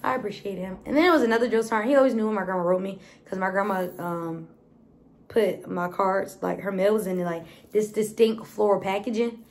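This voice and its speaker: A woman's voice: medium pitch, fairly even intonation, a little fast, slight background noise. A woman in her twenties with an American accent, telling stories in a casual, blunt vlog and swearing freely. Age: 20s. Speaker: vlogger.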